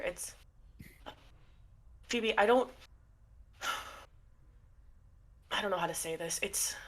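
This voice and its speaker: A woman voicing a sad, gentle dead father who misses his family and talks haltingly. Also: medium pitch, close to an everyday voice. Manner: halting, full of fillers and restarts.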